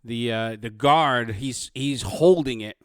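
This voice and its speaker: Brief: casual DM, mid-pitched man, restarts a lot, dry close mic. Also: clean tone, no room sound. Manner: halting, full of restarts and laughs. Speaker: dungeon master. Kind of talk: narrating a tabletop game.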